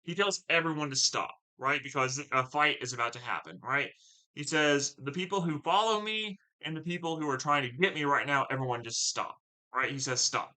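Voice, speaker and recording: A man's voice: medium pitch, normal speed, bright, forceful tone, poor audio. A man teaching a play, reading passages aloud and explaining them casually with lots of fillers and "right?".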